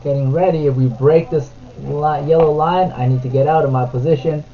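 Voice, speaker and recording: A man streaming his trading from home. He switches between soft, sing-song baby talk with his toddler and brisk market commentary. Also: fairly high pitch, steady tone, phone-quality sound, slight background noise. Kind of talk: casual live-stream commentary.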